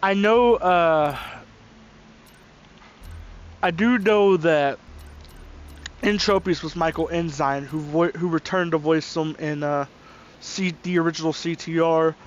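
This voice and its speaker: High-voiced young man rambling. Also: slow pace, long pauses, muffled recording, slight background noise. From Southern US. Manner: rambling, opinionated, many fillers and restarts. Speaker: gameplay commentator. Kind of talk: casual gameplay commentary. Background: game music.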